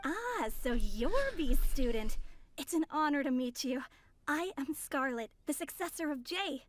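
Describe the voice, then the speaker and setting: A woman's voice: high voice, lively intonation, measured pace. A woman voicing a composed, polite young woman of mystery in a dubbed video game.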